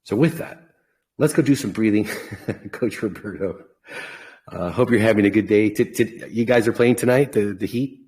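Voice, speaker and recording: Low-voiced man hosting a podcast. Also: moderate pace, a little mellow. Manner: upbeat, joking and encouraging. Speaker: podcast host. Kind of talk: casual chat.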